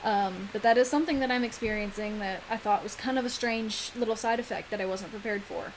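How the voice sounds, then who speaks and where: A woman's voice: medium pitch, a little fast, noisy background. A young woman chatting casually in a vlog, full of ums and likes. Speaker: vlogger. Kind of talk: casual pregnancy vlog chat.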